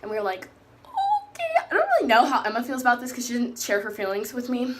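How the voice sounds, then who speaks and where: A teenage girl talks casually in a slightly high voice. She rambles and restarts her sentences, chatty and open as she shares a personal story about faith. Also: fairly even intonation, quick pace, fairly bright tone, a little hiss or hum. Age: teens. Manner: chatty, rambling, self-correcting. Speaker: faith vlogger.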